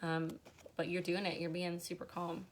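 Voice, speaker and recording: A woman's voice: on the low side, monotone, normal speed, a little hiss or hum. A woman reading tarot cards on a live stream, chatty and emotional, with many fillers. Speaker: tarot reader.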